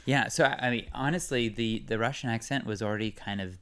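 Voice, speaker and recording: A man's voice: medium pitch, fast talker, fairly bright tone. A young man from California, an actor, chatting as a podcast guest in a rambling way with lots of fillers. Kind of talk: casual interview chat.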